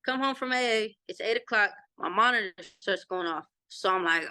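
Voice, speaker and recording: A woman's voice: a little high, brisk, hardly any pauses, clear, resonant tone, no echo. A woman in her thirties with a Texan accent, telling a story as an interview guest and acting out the dialogue she quotes. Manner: animated retelling with quoted dialogue. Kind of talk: casual storytelling.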